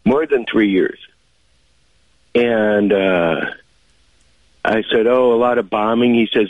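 A man's voice: lowish voice, takes it slowly, long pauses, no room sound. A man calling a radio talk show, telling a long story in a chatty way, with many fillers as he goes. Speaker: caller. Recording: tinny phone line.

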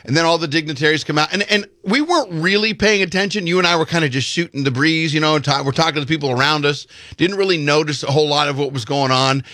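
A man's voice: on the high side, quick pace, few pauses, no echo, clean studio sound. A man co-hosting a casual chat, telling a long story and acting out the quoted dialogue. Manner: animated, acts out quoted dialogue. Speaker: podcast co-host telling a story.

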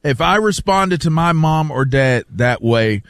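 Animated, rambling male radio co-host. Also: on the high side, unhurried, clean tone, no room sound, clean studio sound. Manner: rambling, animated storyteller who repeats himself. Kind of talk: casual sports radio banter. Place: radio studio.

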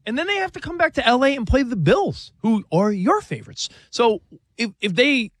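A man co-hosting a sports talk show, talking through a team's schedule in an animated, rambling way with many restarts and self-corrections. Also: very high-pitched, normal speed, dry recording, clean studio sound. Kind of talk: casual sports debate.

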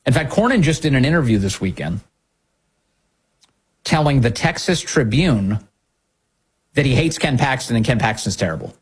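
A man's voice: medium pitch, sing-song, normal speed, long pauses, slightly rough. A man hosting a political commentary show, talking emphatically and sarcastically, firing off rhetorical questions.

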